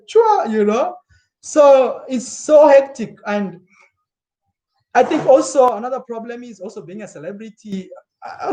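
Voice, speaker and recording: A young Kenyan travel vlogger chats live and casually with his viewers. His voice sits high, and he's animated and repetitive, laughing often.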